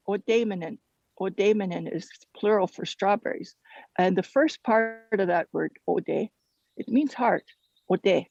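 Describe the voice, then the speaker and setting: A storyteller sharing a traditional teaching story in a gentle, halting way, often repeating words. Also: medium pitch, no room sound. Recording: dull lo-fi recording.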